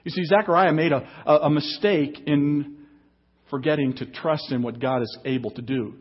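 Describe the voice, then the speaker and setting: A man's voice: a little high, normal speed, muffled recording. A man preaching an emphatic sermon as pastor at a church service. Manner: emphatic preaching, reads scripture aloud.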